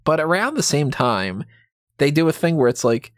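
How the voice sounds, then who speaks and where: A man's voice: on the high side, big pitch swings, normal speed, no room sound, clean studio sound. A man co-hosting a casual wrestling podcast, telling stories in a wry way with plenty of laughter. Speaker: podcast co-host.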